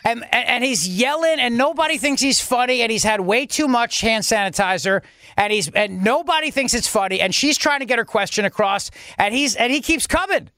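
A man's voice: extremely high pitch, animated, bright, forceful tone, no room sound. A male talk radio host giving sarcastic, mocking commentary. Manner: sarcastic, mocking, rapid asides.

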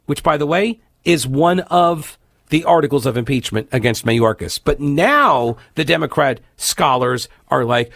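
A man hosting a political talk radio show, giving animated, exasperated commentary with many fillers and restarts. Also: medium pitch, a little slow, vocal fry, dry recording, studio quality.

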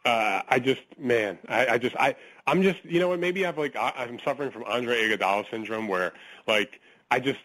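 A man calling in to a sports radio show, animated and opinionated, often stumbling over his words. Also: mid-range voice, normal speed, low-quality recording. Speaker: caller.

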